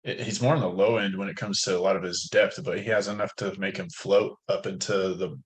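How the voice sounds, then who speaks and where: A man's voice: low-pitched, fairly even intonation, fairly quick, poor audio. A man talking through a fantasy football roster in a casual podcast chat, thinking aloud with frequent fillers. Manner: thoughtful, hedging with fillers.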